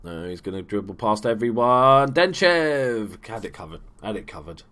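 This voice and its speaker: A man giving casual, chatty commentary over a football management game, swearing freely and bursting into shouts at big moments. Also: on the low side, very animated, normal speed. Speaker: gaming YouTuber. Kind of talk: casual let's play commentary.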